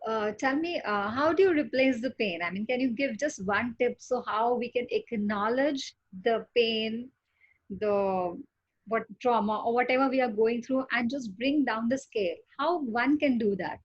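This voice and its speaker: A woman's voice: a little high, unhurried, no room sound, muffled recording. A woman hosting an interview, asking questions hesitantly with many fillers and encouraging her guest. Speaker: podcast host.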